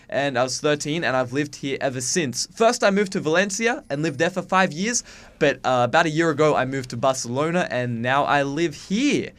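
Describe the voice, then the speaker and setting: Man, 19, faint Australian accent, fairly high pitch, casual self-mocking chat, webcam mic. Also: fairly bright tone. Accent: faint, watered-down Australian. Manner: chatty, swears freely, self-mocking. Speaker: YouTuber.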